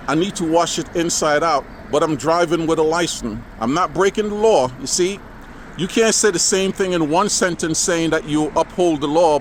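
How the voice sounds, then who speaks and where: A man's voice: on the high side, fairly bright tone. A man recording a casual, sarcastic, rambling vlog outdoors, often saying "man" and talking while driving around town. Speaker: vlogger. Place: outdoors on windy streets, partly driving. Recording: outdoor wind and traffic noise. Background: wind and passing cars.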